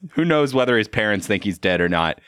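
Animated, bright-voiced male podcast host. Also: on the low side, fast, clear, resonant tone, no echo, studio quality. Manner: animated storyteller, stammers and laughs often. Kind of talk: casual podcast chat.

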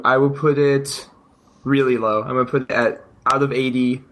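A man's voice: medium pitch, fairly even intonation. A man co-hosting a podcast, chatting casually with friends and joking around with some swearing. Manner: joking, profane, drawn-out musing. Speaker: podcast co-host. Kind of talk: casual chat.

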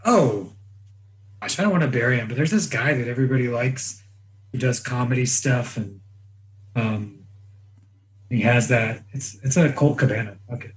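A man of Iranian heritage co-hosting a casual podcast, telling blunt, profane anecdotes and slipping into quick impressions. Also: medium pitch, low-quality recording. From Iranian family. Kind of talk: casual storytelling chat.

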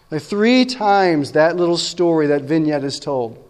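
Man, pastor, high voice, conversational sermon, long hall reverb. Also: animated, slow, hardly any pauses, darkish tone. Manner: conversational preaching with frequent "right?" asides.

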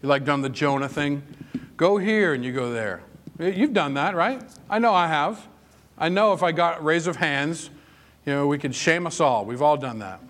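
A man's voice: on the high side, expressive, normal speed, fairly bright tone. A man preaching a sermon, telling personal stories in a conversational way that rises into emphatic peaks. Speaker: pastor.

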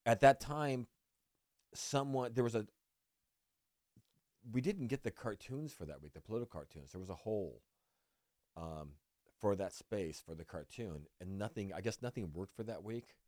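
A middle-aged man from Northern California, a guest cartoonist telling lively stories in a casual interview and acting out other people's lines. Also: fairly low pitch, moderate pace, pauses often, no room sound, studio quality. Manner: lively anecdote teller who acts out other people's lines.

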